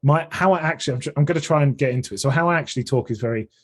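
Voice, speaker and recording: In a casual conversational interview, a podcast guest with an English accent, a comedian and streamer, talks very fast in a fairly high-pitched voice. He's earnest and chatty and frequently starts his sentences over.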